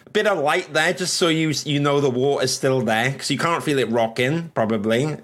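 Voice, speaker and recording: A man's voice: fairly high pitch, normal speed, a bit bright. A man co-hosting a casual, joking chat stream. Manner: chatty, joking, puts on silly robot voices. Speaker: livestream co-host.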